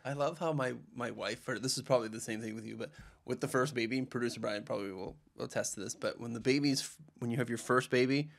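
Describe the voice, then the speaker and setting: A man's voice: medium pitch, fairly even intonation, fast talker, vocal fry. A young man co-hosting a casual hockey podcast, laid-back and agreeable, laughing easily. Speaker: podcast co-host. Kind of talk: casual chat.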